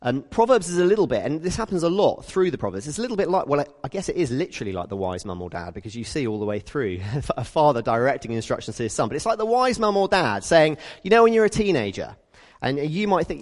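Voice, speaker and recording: A British man preaches in an easy, conversational way, telling everyday stories and slipping into the voices of the people in them. His pitch rises and falls a great deal as he goes. The sound rings with the long echo of a church hall. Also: fast. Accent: British English. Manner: lively storytelling, acts out quoted people. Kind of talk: conversational sermon.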